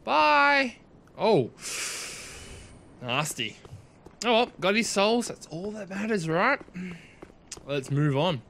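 A man giving casual gameplay commentary, excitable and chatty, talking to himself and his viewers as he plays. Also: high-pitched, slow pace, pauses often, slight background noise. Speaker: let's play host.

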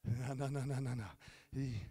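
A pastor voicing a sheepish, beaten little male imp who mumbles nervously in a hushed voice. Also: mid-range voice, flat delivery, moderate pace, breathy edge, no room sound, pitched below the performer's own voice, close to an everyday voice.

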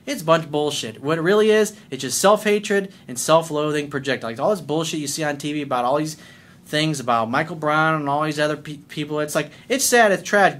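A man's voice: on the high side, fairly bright tone. A middle-aged man, a life coach, delivering a blunt, confrontational monologue full of profanity.

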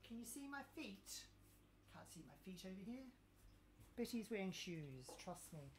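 A woman's voice: medium pitch, very animated, measured pace, a little hiss or hum. A woman hosting a casual live cooking stream from her kitchen, camp and cheeky, chatting and reading viewer comments aloud. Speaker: cooking livestream host.

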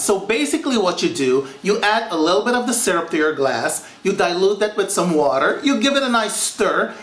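An animated man from Suriname hosts his own cooking vlog. He keeps turning to the viewers as "you guys", and his voice jumps from low to high from one phrase to the next. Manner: big swings in pitch. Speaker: cooking show host.

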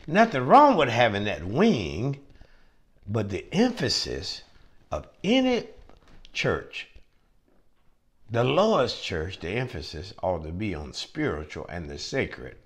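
A male preacher delivering a sermon with a lively, swooping pitch. He hammers points home through repetition and emphatic rising peaks. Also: slow.

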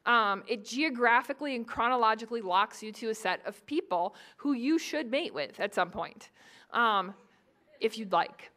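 A woman in her forties from New England gives a conference lecture in a high-ish voice. She keeps the audience engaged with lively, joking asides. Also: moderate pace. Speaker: psychology professor giving a talk.

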